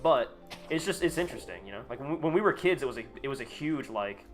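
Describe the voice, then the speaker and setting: A man's voice: mid-range voice, lively intonation, quick pace, faint music behind. A man talking casually to his chat on a live gaming stream, rambling, sarcastic and freely profane.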